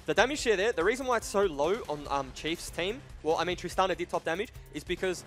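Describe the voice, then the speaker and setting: A man's voice: sits high, quick pace, fairly bright tone, soft background music. A man analysing an esports match in long run-on explanations, with playful asides. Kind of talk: casual analysis chat.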